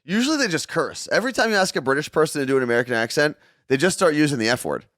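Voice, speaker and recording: A man's voice: fairly high pitch, expressive, very fast, a bit bright, no room sound, studio quality. A man co-hosting a casual show, teasing his co-host with wry remarks. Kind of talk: casual chat.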